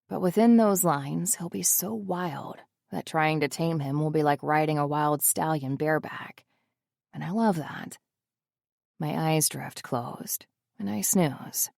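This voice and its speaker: A woman's voice: low-pitched, a little slow, creaky, a little mellow, dry recording. A woman narrating a first-person romance audiobook in an intimate, emotional way on a close studio mic.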